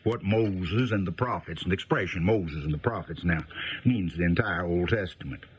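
A man giving a conversational Bible teaching, folksy and unhurried, pausing often with fillers. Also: low-pitched, lo-fi sound, a little hiss or hum.

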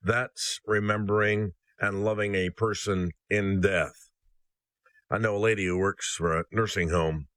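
A man's voice: fairly low pitch, fairly even intonation, measured pace, fairly bright tone, no room sound. A man hosting a ministry podcast. He reads a personal story aloud, then gives an earnest devotional message that addresses listeners as brothers and sisters.

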